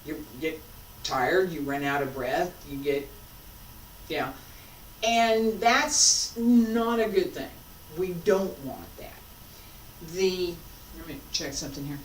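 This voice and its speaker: A woman teaching a martial arts class, calmly coaching breath and movement and repeating cues. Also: fairly low pitch, slow pace, long pauses. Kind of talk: class instruction while practicing. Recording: roomy, from a distance with faint noise.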